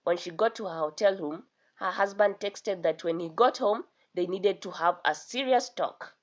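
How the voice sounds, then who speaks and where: A woman's voice: medium pitch, normal speed. A woman narrating a dramatic story as a storyteller, with a dull lo-fi sound.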